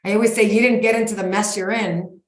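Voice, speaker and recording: A woman in her forties talking as a guest expert in a casual interview, in a blunt, folksy and energetic way. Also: mid-range voice, quick pace. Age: 40s. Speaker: guest expert on sugar cravings. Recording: roomy echo.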